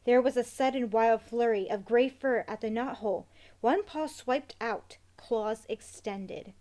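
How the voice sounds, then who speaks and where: A woman narrating a children's novel in a measured, expressive storytelling voice. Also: a little high.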